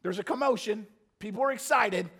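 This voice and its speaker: A man voicing a desperate blind male beggar who shouts for help in a frantic, high voice. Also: fairly quick, husky, full character voice.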